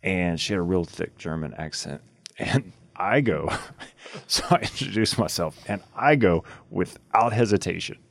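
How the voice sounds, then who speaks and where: A man's voice: deep voice, lively intonation, a little slow, creaky, no room sound, clean studio sound. A man hosting a casual chat, telling stories and laughing often. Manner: laughing storyteller, chatty. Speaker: podcast host.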